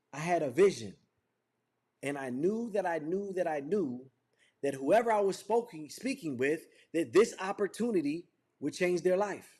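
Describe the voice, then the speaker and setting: A man with a high voice runs a motivational sales training over a video call. He talks in fervent, repetitive build-ups with a preacher-like cadence. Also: a little mellow. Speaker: business trainer.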